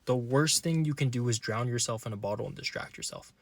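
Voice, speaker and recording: A man's voice: medium pitch, a little fast, gravelly. A young man giving an earnest, personal motivational monologue to camera, repeating himself for emphasis and pressing harder as he goes. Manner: earnest, repetitive, building to urgent emphasis. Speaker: vlogger.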